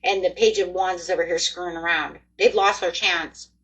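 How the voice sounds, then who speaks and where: Husky, chatty woman tarot reader. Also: fairly low pitch, moderate pace, low-quality recording. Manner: chatty, excitable, talks straight to viewers. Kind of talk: casual tarot reading.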